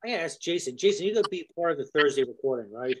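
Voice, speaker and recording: A man's voice: a little high, expressive, very fast, slight background noise. A man hosting a podcast in easygoing, chatty conversation. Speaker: podcast host. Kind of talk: casual podcast chat.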